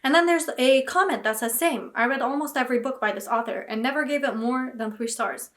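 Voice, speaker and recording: A woman's voice: sits high, brisk, fairly bright tone. A young woman vlogging about books, talking casually and animatedly with dramatic, indignant outbursts. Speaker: book vlogger. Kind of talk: casual reaction vlog.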